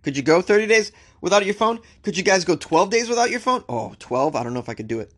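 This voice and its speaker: A man's voice: high-pitched, animated, fast talker, a bit bright. A man hosting a news show, reading stories aloud and cracking wry jokes about them in a casual commentary style. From United States. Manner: wry, joking, talks back to the news he reads.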